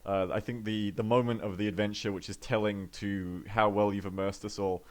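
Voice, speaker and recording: A man's voice: fairly low pitch, little pitch movement, brisk. A man playing a tabletop game over voice chat, crude and enthusiastic. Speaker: player. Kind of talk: casual voice chat.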